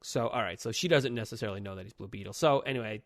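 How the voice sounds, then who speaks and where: A young man co-hosts a casual comic book podcast, talking at a racing pace in a lowish voice. He swears and acts out characters' lines, and the recording is dry.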